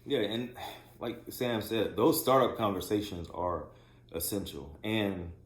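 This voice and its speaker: A man co-hosting a relationship podcast, speaking in a reflective, measured way with many fillers. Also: fairly low pitch. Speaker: podcast co-host. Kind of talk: casual chat about relationships. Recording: echoey room.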